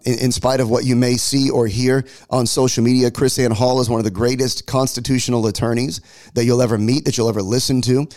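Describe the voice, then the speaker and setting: A man's voice: mid-range voice, a little mellow. A man, a pastor giving an impassioned political commentary monologue and repeating words as he builds each point. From United States.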